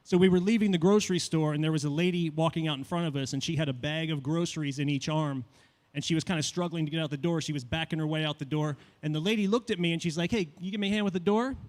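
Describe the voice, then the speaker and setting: A man hosting a comedy open mic, doing stand-up on stage with loud, rising, excited delivery. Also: fast talker, long reverb tail. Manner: loud, building to high excited shouts. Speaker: comedy show host.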